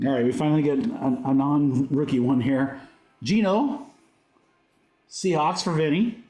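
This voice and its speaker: A high-voiced man gives live card-break commentary in an upbeat, joking patter. His voice rings in a roomy, echoing space. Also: a little slow, dark tone, soft background music. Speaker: host of a card-break livestream. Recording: roomy echo.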